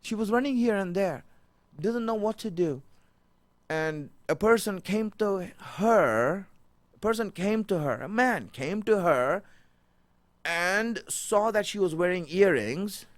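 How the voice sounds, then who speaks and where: A man preaching an emotional sermon, repeating his phrases and building to near-shouts. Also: high voice, expressive, slow, dry recording.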